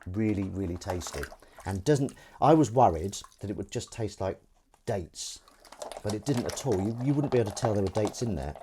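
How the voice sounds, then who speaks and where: A man with a fairly low voice chats casually to his live-stream viewers from his kitchen. He rambles, loses his thread and pokes fun at himself, while water and dishes clink faintly in the background. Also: animated, normal speed, mellow, slight background noise. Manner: rambling, self-deprecating, chatty. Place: home kitchen, washing up while talking. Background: faint running water and dish clatter.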